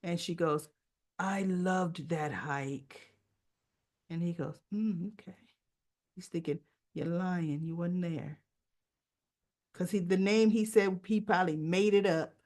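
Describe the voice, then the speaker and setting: A woman's voice: on the low side, steady tone, measured pace, a little mellow. A woman hosting a casual soap opera recap, chatting and acting out the characters' lines with asides.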